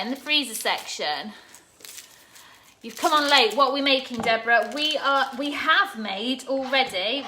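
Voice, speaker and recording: Woman, cooking vlogger, casual live chat, slightly high voice, noisy kitchen recording. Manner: chatty, laughs often, talks to live viewers. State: teary from chopping onions. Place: home kitchen.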